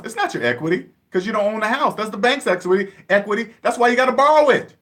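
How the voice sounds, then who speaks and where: Guy from seattle area preaching about debt, fairly high voice, hammers points over and over. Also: sing-song, fast, fairly bright tone. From Seattle area, USA. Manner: emphatic, repetitive, lecturing. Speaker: personal finance vlogger. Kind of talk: casual monologue to camera.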